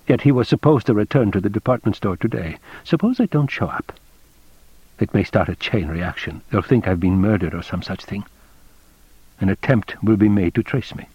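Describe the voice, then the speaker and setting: A man's voice: lowish voice, husky, no echo. A man playing a worried man musing inwardly. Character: worried man brooding to himself. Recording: dull dry lo-fi recording.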